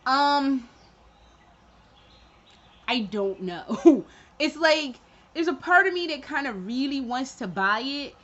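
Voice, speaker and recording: A high, bright-voiced woman chats casually about games, candid and sarcastic, dropping swears and acting out her own reactions. The recording sounds a little dull and lo-fi. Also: expressive, takes it slowly, long pauses. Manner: acts out her own reactions in quoted asides. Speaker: gaming vlogger. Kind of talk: casual chat.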